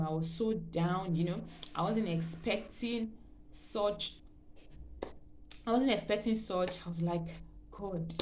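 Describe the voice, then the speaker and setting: Woman vlogger, lowish voice, emotional rambling storytelling, faint room hiss. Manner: emotional, rambling with fillers and repeats. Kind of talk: personal storytelling.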